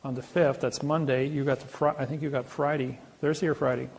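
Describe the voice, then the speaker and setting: Brisk and a little mellow, his mid-range voice moves little in pitch, and there's a slight hiss or hum on the recording. The man, a self-styled legal advocate, rambles through boastful, casual stories of his legal exploits, often restarting.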